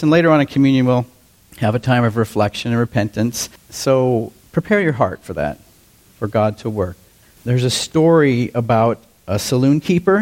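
A man in his fifties preaching a sermon to his congregation in a relaxed, conversational way, often asking them questions. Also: mid-range voice. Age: 50s. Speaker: pastor.

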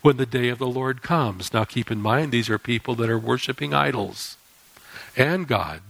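A man preaching a sermon as an animated storyteller who acts out scripture and scenes. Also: medium pitch, moderate pace, gravelly, no room sound, poor audio.

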